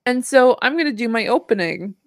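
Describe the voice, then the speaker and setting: A woman's voice: fairly high pitch, expressive, brisk, dry recording, clean studio sound. A woman hosting a casual podcast, chatty and full of fillers, often laughing. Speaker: podcast host.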